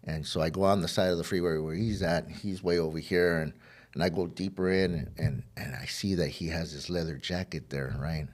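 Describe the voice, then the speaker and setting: Deep-voiced man telling his recovery story. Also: fairly even intonation, brisk. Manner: rambling, repeats words, acts out quoted dialogue. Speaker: podcast guest sharing recovery story. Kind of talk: personal storytelling.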